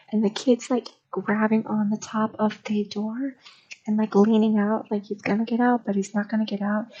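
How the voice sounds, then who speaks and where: A woman's voice: fairly high pitch, darkish tone, lo-fi sound. A woman streamer chatting in a casual, rambling, gossipy way and spilling a story, recorded on a desk microphone. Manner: rambling, gossipy, lots of fillers.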